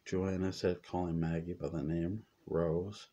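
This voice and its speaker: A man reading a serialized story aloud as narrator, unhurried, with occasional stumbles over words. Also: low voice, level tone, mellow. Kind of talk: reading fan fiction aloud.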